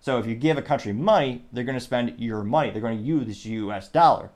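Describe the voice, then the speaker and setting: A man's voice: medium pitch, fast talker. A man from the United States hosting a solo political commentary podcast, rambling and breaking off mid-sentence while reading listener comments aloud. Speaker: podcast host.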